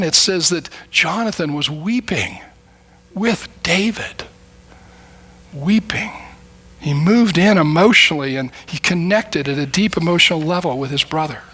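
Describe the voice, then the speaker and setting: A man's voice: fairly high pitch, a bit bright. A middle-aged man preaching an earnest, conversational sermon, acting out prayers and everyday conversations. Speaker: guest preacher.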